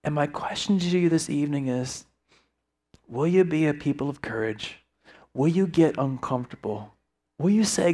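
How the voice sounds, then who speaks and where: A middle-aged man preaching a sermon, telling a family story with lively acted-out dialogue before a quiet prayer. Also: on the high side, moderate pace. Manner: animated storyteller acting out family dialogue, then hushed prayer. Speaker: pastor.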